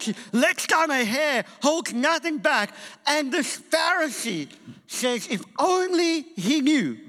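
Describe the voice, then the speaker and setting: A man preaching a sermon in a church, telling a story and acting out the people in it. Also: high voice. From England and South Africa. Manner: animated storytelling preacher, acts out quotes. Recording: church hall reverb.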